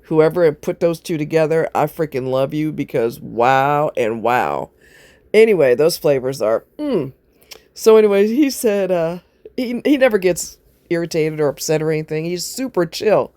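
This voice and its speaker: A woman's voice: deep voice, lively intonation, normal speed, mellow, dry recording. A woman chatting casually to camera, rambling from one aside to the next and often laughing. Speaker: vlogger. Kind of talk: casual chat.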